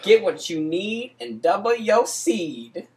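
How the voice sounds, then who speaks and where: Guy hamming up a grandiose rhyming street hustler, slow and rising. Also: high-pitched, big pitch swings, a little mellow, pitched above the performer's own voice, exaggerated voice. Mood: dramatic. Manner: slow, dramatic, rising delivery.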